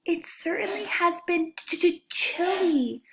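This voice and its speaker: A woman's voice: very high voice, completely flat delivery, moderate pace, noisy background, voice pushed up. A woman voicing a cold female possum who mumbles, trying to sound cheerful and stuttering from the cold. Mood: forced cheer.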